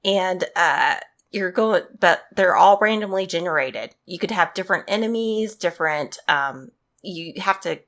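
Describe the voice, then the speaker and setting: A woman's voice: on the low side, measured pace, fairly bright tone. A woman chatting casually on a podcast as a guest streamer, rambling with many fillers and giggling.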